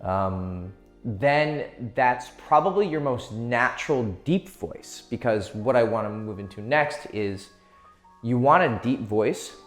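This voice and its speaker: A man's voice: medium pitch, animated, takes it slowly, soft background music. A man giving casual dating advice, loose and profane, laughing easily as he explains. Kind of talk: casual instructional talk.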